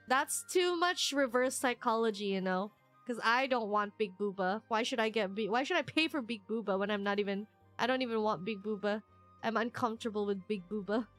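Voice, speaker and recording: A woman streamer chatting casually and reading comments, giggly and rambling with quick emotional swings, at a desk mic at home. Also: sits high, fairly bright tone.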